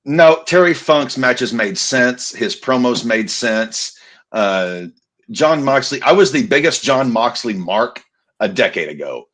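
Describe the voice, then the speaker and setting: A man in a casual podcast chat, his mid-pitched voice rising and falling a lot. He states his opinions bluntly and with plenty of feeling. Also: slow pace. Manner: opinionated, animated delivery. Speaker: podcast co-host.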